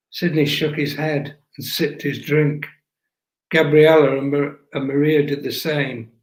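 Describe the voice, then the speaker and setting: A man reads a story at an unhurried, deliberate pace. His voice sits slightly high, and the recording has a noticeable room echo. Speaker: narrator. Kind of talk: audiobook reading. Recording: echoey room.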